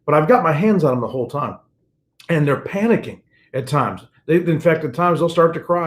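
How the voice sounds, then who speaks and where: A man's voice: fairly high pitch, expressive, fairly quick. An older man gives a morning devotional as a pastor. His delivery is earnest and personal, and he circles back over key phrases for emphasis. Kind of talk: devotional sermon message.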